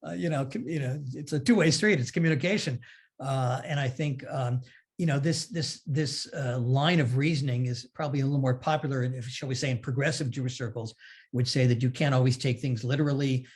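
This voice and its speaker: A rabbi speaking in a conversational interview, explaining scripture thoughtfully and telling stories with animation and frequent laughter. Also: male voice, medium pitch, fairly quick.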